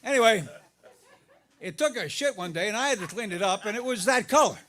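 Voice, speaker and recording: A middle-aged man doing a stand-up comedy set, telling stories about his marriage, his voice jumping up high for the punchlines. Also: a little fast, a little hiss or hum. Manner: animated storytelling, voice jumps up for punchlines. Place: live comedy venue with audience laughter.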